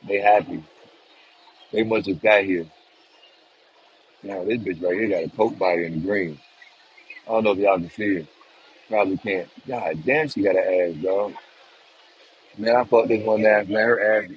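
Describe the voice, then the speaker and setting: A man's voice: on the low side, moderate pace, pauses often. Man streaming live outdoors, loose profane rambling to viewers; slightly dull phone audio with faint street noise. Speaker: livestream vlogger. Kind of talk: casual live stream chat.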